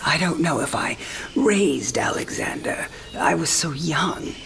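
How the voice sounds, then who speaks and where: A dying mother in her sixties with a low, dusky voice. She talks in a breathy, half-whispered way, teasing and frank. This is a video game cinematic. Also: expressive, unhurried, fairly bright tone, full character voice. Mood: tender. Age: 60s.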